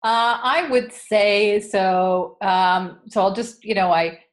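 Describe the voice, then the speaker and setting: A woman's voice: medium pitch, steady tone, slow. A woman in her sixties, an interview guest telling her story candidly with lots of fillers. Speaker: interview guest, entrepreneur coach. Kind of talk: casual interview chat.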